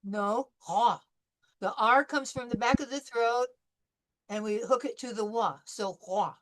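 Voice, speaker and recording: A woman teaching French pronunciation to a class. She calls on students one by one, models each sound slowly and repeats it, and gives patient, encouraging feedback. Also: a little high, a bit bright. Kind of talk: pronunciation drill in a live class.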